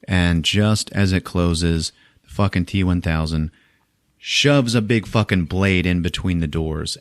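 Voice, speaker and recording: Low-voiced, swearing podcast host. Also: male voice, no echo, studio quality. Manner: profane, animated, laughs often. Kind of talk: casual movie recap.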